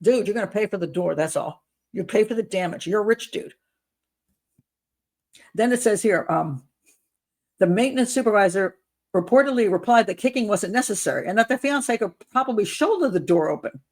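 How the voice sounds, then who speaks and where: A woman's voice: mid-range voice, expressive, a little fast, darkish tone. Incredulous, sarcastic woman profiler. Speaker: criminal profiler host. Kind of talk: commentary.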